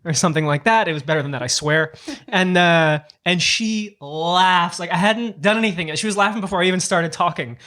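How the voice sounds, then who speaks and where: A man's voice: on the high side, fast talker. Jokey man telling a story. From Portugal. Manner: animated, jokey, acts out dialogue. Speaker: podcast host. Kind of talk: casual storytelling.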